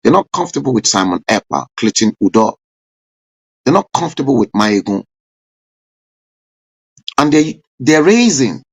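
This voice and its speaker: A man hosting a live-stream talk show, giving fervent political commentary with sudden loud rising bursts. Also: medium pitch, big pitch swings, normal speed, long pauses, slightly rough. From Nigeria.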